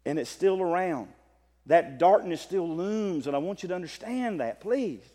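A man's voice: high voice, moderate pace. Impassioned preacher man, echoing hall. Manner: impassioned, rising to shouts, then calm scripture reading. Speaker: pastor. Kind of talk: sermon. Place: church. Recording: long reverb of a church hall.

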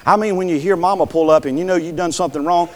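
A man preaches in a folksy manner, peppering his sermon with "Amen" and questions put to the congregation. His voice sits a little high for a man, and a long reverb from a large hall trails behind every phrase. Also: fast talker, darkish tone.

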